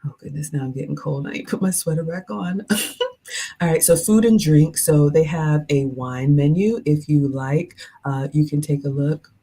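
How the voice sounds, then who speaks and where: A chatty woman in her forties hosts a casual livestream, reading out viewer comments and laughing at herself between thoughts. Her speaking voice sits low for a woman. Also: moderate pace, mellow, slightly rough. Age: 40s. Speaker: livestream host reviewing a restaurant.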